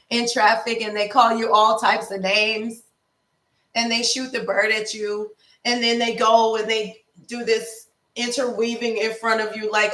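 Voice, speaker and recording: A woman life coach giving a casual motivational talk, slow and repetitive in an affirming way. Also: a little high, little pitch movement, fairly bright tone, roomy sound, far from the mic. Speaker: lifestyle coach.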